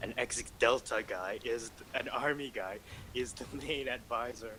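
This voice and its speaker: A man's voice: mid-range voice, normal speed, bright, forceful tone, slight background noise. A young man from Malaysia with an American accent, chatting casually and sardonically while gaming on a stream. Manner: rambling, anecdotal, sardonic. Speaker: streamer and host.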